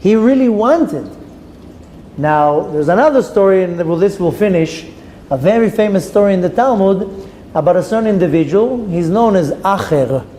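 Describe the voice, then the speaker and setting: Telling a story for his Torah class, a rabbi performs the characters with dramatic voices and drops in Hebrew terms. He sounds high-pitched, animated, and dark in tone at a normal speed, recorded with long reverb and faint ambient noise.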